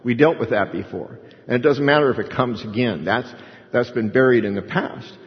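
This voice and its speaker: An older man teaching a bible study as a pastor, animated storytelling and acting out the voices of the people in the story. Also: medium pitch, moderate pace. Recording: dull recording in a long-reverb hall.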